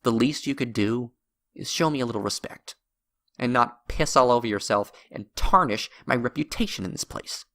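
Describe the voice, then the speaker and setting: A man's voice: a little high, animated, a little slow, sharp tone, voice pushed up, full character voice. A man voicing an agitated adult man who angrily accuses his friend, his voice rising as he rants. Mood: heated.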